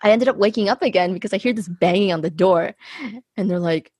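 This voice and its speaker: A woman's voice: mid-range voice, fast, a little mellow, breathy edge, no echo, clean studio sound. A young woman hosting a podcast, telling a story in a casual, chatty way and filling her talk with "like" and "um.". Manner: chatty, filler-heavy, uses "like" constantly. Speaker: podcast host.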